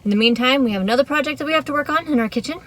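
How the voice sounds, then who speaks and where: A woman's voice: sits high, very fast, a bit bright. A woman talking casually to her camera in a vlog, chatty and rambling, with fillers and restarts. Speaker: vlogger.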